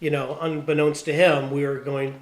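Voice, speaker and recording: A man, a band member co-hosting a casual podcast, upbeat and quick to laugh. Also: fairly high pitch, little pitch movement, echoey room.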